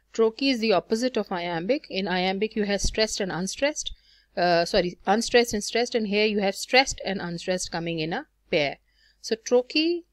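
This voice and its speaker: This recorded poetry lecture features a woman of medium pitch, captured with clean studio sound and no echo. She explains meter one step at a time, counting syllables in examples while often relying on filler words.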